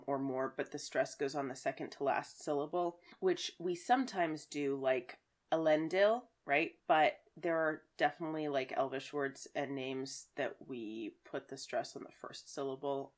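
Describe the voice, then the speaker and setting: A woman co-hosting a casual book podcast, chatting loosely and laughing often. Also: sits low. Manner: chatty, laughs often, reads quotes aloud. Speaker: podcast co-host.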